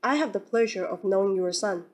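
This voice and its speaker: A woman reading aloud and voicing a polite young gentleman in a courteous, measured way. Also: medium pitch, lightly acted.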